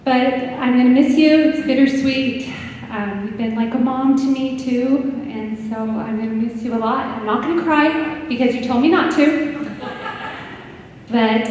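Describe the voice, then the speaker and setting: A woman with a slightly high voice gives an affectionate farewell tribute, laughing as she recalls shared stories. Her voice rings through a large hall, with a long echo and a light hiss behind it. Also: darkish tone. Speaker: colleague giving a tribute speech. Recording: echoey hall from far off.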